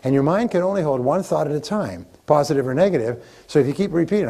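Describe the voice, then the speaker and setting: A man's voice: a little high, lively intonation, racing, few pauses, dark tone. A man giving a live motivational seminar on sales, speaking emphatically, repeating key phrases and getting the audience to chant them back.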